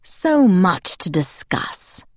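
A woman voicing a smooth, affectionate ancient male vampire leader, speaking slowly and caressingly. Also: fairly low pitch, expressive, dry recording, muffled recording. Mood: businesslike.

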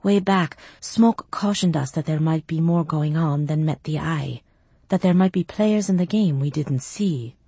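A woman's voice: deep voice, measured pace, mellow, slightly rough, no room sound, exaggerated voice. A woman reading the lines of a hard-edged, demanding royal woman. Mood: sharp.

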